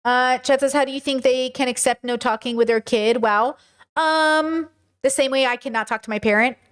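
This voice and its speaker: A woman's voice: high-pitched, steady tone, moderate pace, a bit bright, smooth. Earnest woman streamer answering chat. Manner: earnest, emphatic, talks straight to viewers. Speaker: livestream host answering chat. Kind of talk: casual livestream chat.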